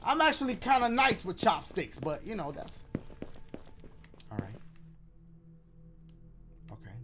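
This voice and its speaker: Slangy high-voiced man playing a game. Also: wildly swooping pitch, a little slow, background noise. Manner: slangy, joking, talks to the viewers. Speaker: gaming YouTuber. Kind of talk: let's play commentary.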